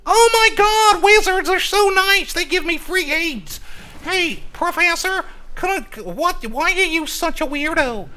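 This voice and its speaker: A man putting on a mocking falsetto of a ditzy, fake-cute young woman streamer. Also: expressive, unhurried, pushed and bright, exaggerated voice. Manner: mocking falsetto, giggly and vapid.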